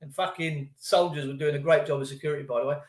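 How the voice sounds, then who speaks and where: A middle-aged man hosts a livestream from an echoey room, rambling through a profane, sarcastic rant. His voice is a little high and fairly even in intonation, and he talks quickly.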